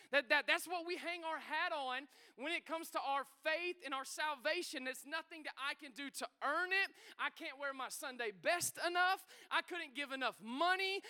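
A male pastor, preaching a sermon in a church in an excitable, energetic, joking way. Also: very high-pitched. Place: church sanctuary.

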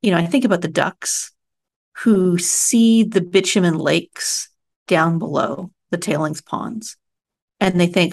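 Host, woman, gravelly low-ish voice, measured questions. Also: fairly even intonation, a little mellow. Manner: thoughtful, measured questions with hesitations. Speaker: podcast host, interviewer. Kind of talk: conversational interview.

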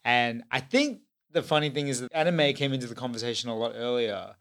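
A man's voice: mid-range voice, animated, fairly quick, a bit bright. A man hosting a podcast, rambling in casual chat with many fillers. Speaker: podcast host.

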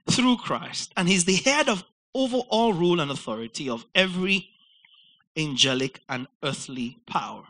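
A man's voice: fairly high pitch, sharp tone, poor audio. A man preaching a sermon, explaining Greek words with repetition and quizzing his listeners. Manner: emphatic teacher, repeating words and quizzing listeners.

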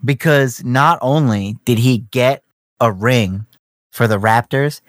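A man's voice: medium pitch, slow pace, no echo. A young man telling a long, profane story in casual podcast chat. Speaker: podcast co-host.

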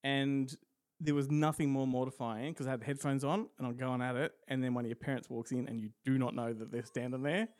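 A man's voice: mid-range voice, fairly even intonation, brisk, darkish tone. A man co-hosting a podcast, chatting casually, teasing and laughing often. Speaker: podcast co-host. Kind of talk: casual banter.

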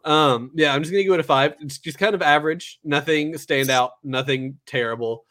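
A young man co-hosting a casual anime review podcast, relaxed and rambling with lots of fillers. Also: a little high, fairly quick.

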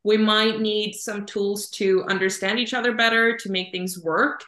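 A woman's voice: mid-range voice, fairly even intonation, unhurried, pushed and bright, echoey room. A woman guest, a Human Design coach, explaining ideas in casual chat with picture-like examples and a lot of "kind of" and "like". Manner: thoughtful, explains with images, says "kind of" and "like" often.

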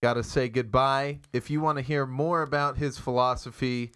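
A man hosting a podcast, joking and self-deprecating with his guest before a brisk promotional sign-off. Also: medium pitch, fairly even intonation, a bit bright, clean tone. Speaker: podcast host. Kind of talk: casual podcast chat.

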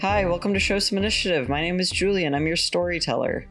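A man running a tabletop role-playing game as its storyteller, narrating in a measured, relaxed way with light jokes. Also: high-pitched, music in the background.

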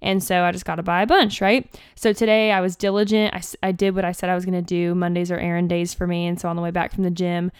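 A woman hosting her own podcast as a coach, talking casually in a chatty, upbeat way with slang and quick asides. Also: fairly low pitch, flat delivery, clear, resonant tone, no echo, clean studio sound. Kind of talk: casual solo podcast talk.

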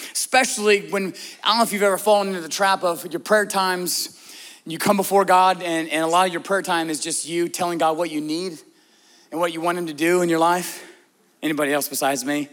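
A man with a fairly high voice preaches in a casual, talkative way. He keeps turning to the congregation with questions. He presses hard on key lines and drops to a near hush when he speaks a prayer. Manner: conversational, asks the congregation direct questions; emphatic, shifts between loud stresses and soft, hushed prayer lines. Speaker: pastor. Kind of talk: sermon.

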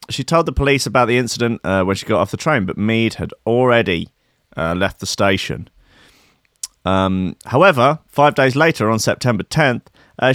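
A man's voice: medium pitch, a bit bright, dry recording, clean studio sound. A man hosting a show, reading out news stories in casual commentary with sardonic, laughing asides. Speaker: host.

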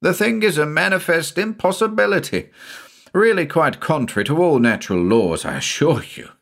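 A man reading aloud, voicing a suave, calm gentleman writer who speaks in a smooth, purring way. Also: lowish voice, slow pace, exaggerated voice. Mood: calmly assured. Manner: suave, purring, coolly reasoning. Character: urbane, unflappable gentleman writer.

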